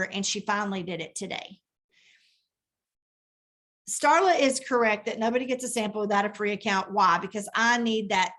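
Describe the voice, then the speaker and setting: A woman giving a chatty, animated live training talk on her phone, thinking aloud as she types. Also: medium pitch. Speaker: direct sales team leader.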